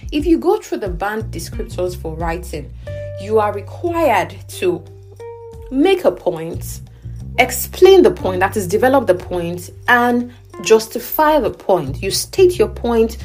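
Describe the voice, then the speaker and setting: Woman, writing teacher, thinking aloud while editing, checks in often, faint background music. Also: mid-range voice. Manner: thinks aloud, edits her own writing, frequent "okay?" checks.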